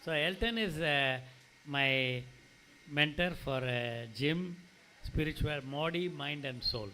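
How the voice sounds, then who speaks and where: Speaking slowly in a fairly high, pushed and bright voice, an emotional, near-tearful middle-aged eye doctor with an Indian English accent rambles conversationally through an informal talk at a clinic opening. In the event hall he stops to call out people by name, and the rough recording carries slight background noise.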